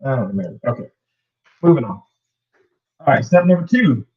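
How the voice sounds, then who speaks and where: A man hosting a home cooking video, talking viewers through each step in a relaxed, rambling way with playful wordplay. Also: medium pitch, brisk, slightly rough, dull audio. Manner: chatty, rambling, plays with words. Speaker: cooking show host. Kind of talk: casual cooking demonstration.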